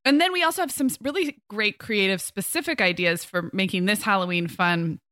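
A woman's voice: medium pitch, a little fast, pushed and bright, dry recording, clean studio sound. A middle-aged woman co-hosting a parenting podcast, chatting casually and thinking aloud with fillers. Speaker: podcast co-host.

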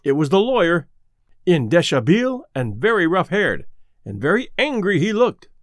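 A man reading a ghost story aloud as narrator, with expressive storytelling. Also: sits high, normal speed, no room sound, clean studio sound. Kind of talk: scripted narration.

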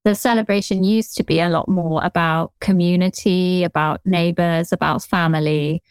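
A woman from England with a Southern English accent, a historian guest speaking in a friendly, measured way. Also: fairly low pitch, steady tone, clean tone, dry recording. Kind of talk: casual interview chat.

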